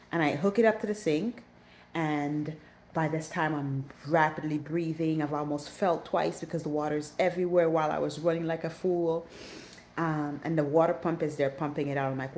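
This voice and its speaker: A woman vlogger casually telling a story from her own life, animated and repeating herself as she recounts the panic. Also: deep voice, a little hiss or hum. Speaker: aquarium hobbyist vlogger.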